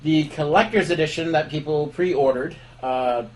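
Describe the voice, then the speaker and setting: A man's voice: on the high side, normal speed, darkish tone, rough recording. A man co-hosting a casual podcast, joking crudely between stories. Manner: jokey, crude humor. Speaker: podcast co-host. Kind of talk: casual chat.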